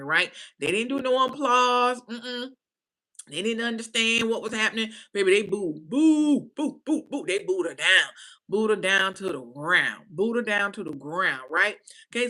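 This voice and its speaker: Woman, bright tense voice, casual commentary vlog, emphatic, repetitive, preacher-like cadence. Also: medium pitch, low-quality recording. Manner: emphatic, repetitive, punctuates with "right?" and "okay?". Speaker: commentary vlogger.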